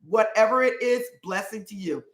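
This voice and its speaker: A woman's voice: mid-range voice, normal speed, echoey room. A woman hosting a casual livestream, reading out viewer comments and repeating her enthusiasm over and over. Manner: effusive, repeats "I love it" often.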